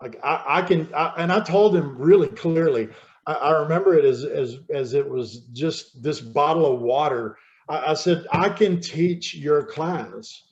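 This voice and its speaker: A man in his fifties, a podcast guest, candidly telling his own recovery story in a halting way that often repeats words. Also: a little high, dull audio.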